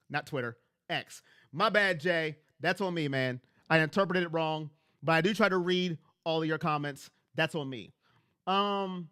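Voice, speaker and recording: Bright high-voiced man streaming to chat. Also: clear, resonant tone, dry recording, clean studio sound. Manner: emphatic, repetitive, talks straight to chat. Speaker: fan livestream host. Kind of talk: casual livestream chat. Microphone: headset.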